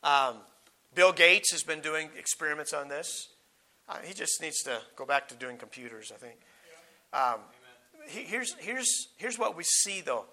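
A man preaching a Bible teaching sermon, reading scripture slowly with emphasis and stumbling through asides, his voice going hoarse as he clears his throat. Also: fairly high pitch, animated, sharp tone.

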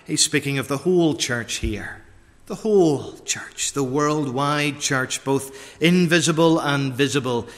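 A man preaching a sermon, deliberate and repeating key phrases for emphasis, recorded in a church. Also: fairly high pitch. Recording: long reverb of a large church.

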